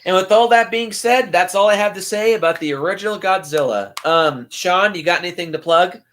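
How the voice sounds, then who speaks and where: A man's voice: high voice, fairly quick, fairly bright tone. A young man hosting a casual film review podcast, blunt and opinionated, with frequent ums. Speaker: podcast host. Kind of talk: casual movie review chat.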